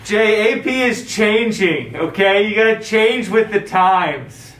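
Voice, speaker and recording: A man's voice: high-pitched, lively intonation, slow, noisy background. A man acting a stern, bossy department head in an amateur skit. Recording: echoey room, far from mic.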